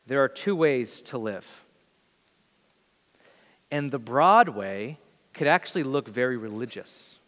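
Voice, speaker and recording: Animated male preacher in a reverberant hall. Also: medium pitch. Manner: animated, acts out quoted voices, occasional stammers. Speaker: pastor. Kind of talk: sermon. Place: church sanctuary. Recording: long reverb of a church hall.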